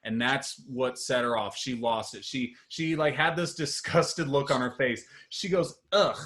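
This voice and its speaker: Halting, chuckling stand-up comic man. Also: medium pitch, steady tone, fairly bright tone. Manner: rambling, halting delivery with many restarts and chuckles. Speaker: stand-up comedian. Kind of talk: stand-up set over a video call.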